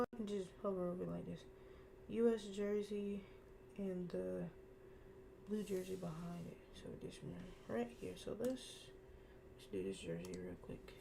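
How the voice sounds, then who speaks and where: A young woman streaming while she draws, ranting casually in an animated, slangy way and laughing often. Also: medium pitch, creaky, slight background noise. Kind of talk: casual rant while drawing.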